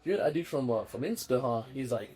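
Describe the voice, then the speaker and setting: A man's voice: medium pitch, brisk, slightly rough. A man telling a casual story about a night out, acting out what people said, laughing and swearing freely. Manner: animated storyteller, acts out quotes, laughs often, swears casually. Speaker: family member of the football player, storyteller.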